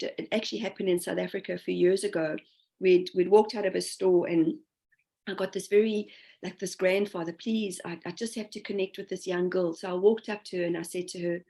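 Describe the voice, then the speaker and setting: A woman's voice: fairly low pitch, creaky, darkish tone. A woman guest talking in a reflective, casual way, full of fillers and quoted self-talk. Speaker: guest spirit medium. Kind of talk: casual interview conversation.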